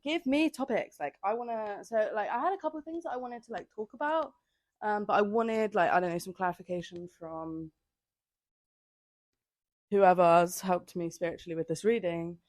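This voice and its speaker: A woman's voice: on the low side, a little mellow, no room sound. A young woman hosting a casual solo podcast, chatting in a rambling, filler-heavy way with sassy asides, recorded outdoors on a handheld microphone. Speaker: podcast host. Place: outdoors on holiday by the sea.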